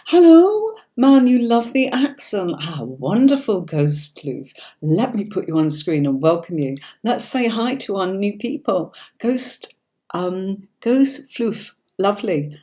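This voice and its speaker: Hosting a live tarot reading, a woman from Yorkshire talks slowly in a warm, mid-range voice with lively intonation and a neutral standard British accent. She keeps things chatty and reassuring, regularly checking in with listeners.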